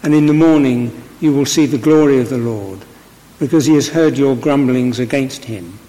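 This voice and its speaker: A man of middle pitch reads scripture at a church service, setting out each verse in a measured, deliberate way. His voice rises for the quoted speech. A long church reverb trails every phrase. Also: warm tone. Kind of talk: formal Bible reading.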